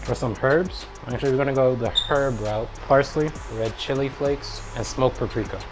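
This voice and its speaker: A man's voice: mid-range voice, normal speed, over loud music. A man hosting a casual cooking vlog in his home kitchen, chatty and talking to himself as he works, a bit out of breath. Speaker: cooking channel host.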